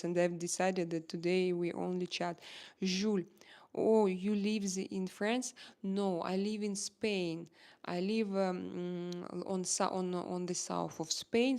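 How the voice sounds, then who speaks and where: Woman, Russian accent, live-stream chat host, gravelly fry, halting delivery with French slipping in. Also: fairly low pitch, darkish tone. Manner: halting, searches for English words, drops into French.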